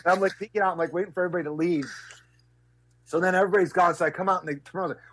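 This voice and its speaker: Middle-aged guy telling a story in an interview, kinda high voice, acts out every quote. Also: quick pace, pauses often, husky. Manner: lively, acts out quotes with big pitch jumps. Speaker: guest speaker and business coach.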